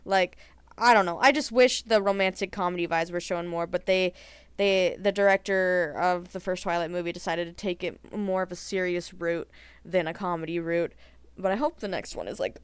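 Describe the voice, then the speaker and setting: A woman talks straight into the camera in a loose, chatty vlog, her voice smooth and clear. She keeps saying "like" and laughs at her own opinions. The sound is close and dry, with no room around it. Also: fairly low pitch, no room sound. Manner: chatty and animated, heavy use of "like". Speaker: vlogger.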